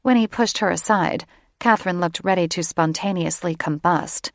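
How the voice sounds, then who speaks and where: A woman reads fantasy romance in a slow, deliberate style. Her voice sits low with a gravelly fry. The sound is close and dry, as from a studio booth mic. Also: no room sound. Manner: slow and measured. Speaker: audiobook narrator. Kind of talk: scripted fantasy romance narration.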